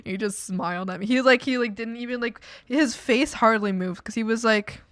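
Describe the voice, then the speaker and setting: A woman's voice: on the high side, moderate pace, fairly bright tone, no room sound, studio quality. Giggly rambling woman streamer. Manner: rambling, giggly, filler-heavy with lots of "like". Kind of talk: casual chat while drawing.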